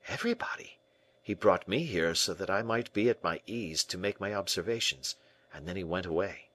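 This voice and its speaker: A man voicing a timid young playwright who speaks softly, often in a hush, evasive and protesting, in an audiobook reading. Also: low-pitched, lively intonation, moderate pace, no echo. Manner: soft, whispering, evasive.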